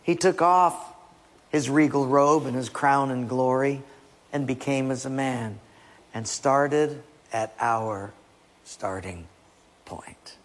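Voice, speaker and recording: A man's voice: medium pitch, slow. A man preaching a sermon emphatically, often dropping to a near-whisper, in a church hall. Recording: long hall reverb.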